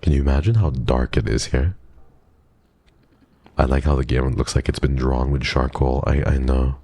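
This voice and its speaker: Very deep-voiced man streaming a game. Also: fairly even intonation, moderate pace, mellow, husky, no room sound. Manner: playful, jumpy, chatty with viewers, drops to a whisper when scared. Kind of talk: casual live-stream chat while gaming.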